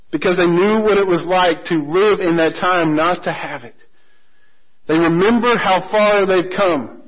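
Male pastor, high voice, emphatic sermon delivery, dull lo-fi sound. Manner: emphatic, repeats key phrases. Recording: muffled lo-fi recording.

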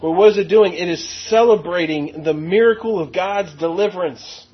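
High, husky-voiced man preaching a sermon. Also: highs cut off. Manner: teaching verse by verse, stressing key words; slows to read scripture aloud. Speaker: pastor.

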